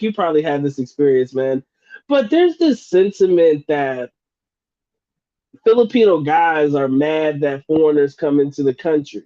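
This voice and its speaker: A man hosts a live Q&A stream, reading chat questions aloud in a casual, joking, slangy way and laughing often. His voice is a little high and warm, and the recording is dry and muffled.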